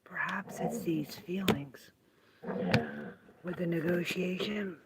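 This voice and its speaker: A woman reads tarot cards on a live stream at an unhurried, drawn-out pace, musing as she goes and slipping into soft half-whispers. Her middle-pitched voice sits over a steady hiss of background noise from a home recording. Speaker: tarot reader.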